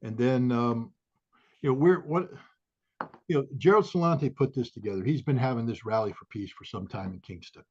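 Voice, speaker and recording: A male interview guest who talks haltingly with many fillers, then swells into fiery outbursts. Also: medium pitch, a little mellow, a little hiss or hum. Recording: dull lo-fi audio.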